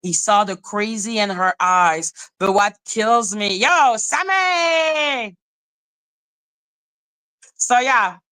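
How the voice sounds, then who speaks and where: A woman hosting a live podcast, ranting in an animated, profane way and laughing often. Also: mid-range voice, measured pace, hardly any pauses, clear, resonant tone, low-quality recording. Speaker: podcast host.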